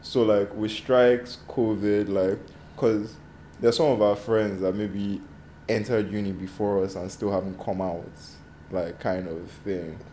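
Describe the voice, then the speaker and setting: A man's voice: fairly low pitch, unhurried, slight background noise. A man co-hosting a podcast, steadily framing a question to a guest in casual chat. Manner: steady, backchannels often, frames questions. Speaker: podcast co-host.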